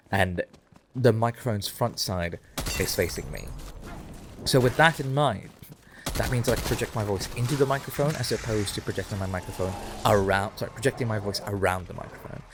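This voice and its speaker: A man streaming a game, chatting in a rambling, animated way into a condenser mic close below his chin. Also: lowish voice, moderate pace, noisy background. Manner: rambling, animated, drifts off topic. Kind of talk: casual gameplay stream chat.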